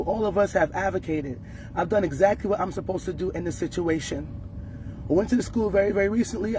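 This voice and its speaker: A woman's voice: mid-range voice, mellow, a little hiss or hum. A woman speaking as a mother in an emotional, urgent direct-to-camera appeal, distressed and rising in anger.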